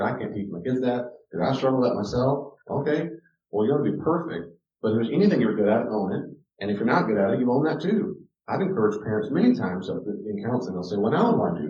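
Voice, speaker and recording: A low-pitched man teaches parents in a casual, storytelling way, often restarting his sentences and jumping from muttered asides to loud, emphatic points. He sounds distant from the mic, with the room echoing around him. The sound is dull. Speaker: counselor teaching a parenting class. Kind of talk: informal teaching talk with personal stories.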